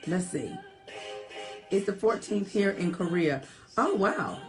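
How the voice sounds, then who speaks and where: A woman hosting a late-night livestream from home, chatting softly and reading viewer comments aloud. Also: medium pitch, expressive, takes it slowly. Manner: chatty, talks to viewers as y'all, soft half-whispered. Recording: faint music behind the voice. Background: old-school music playing.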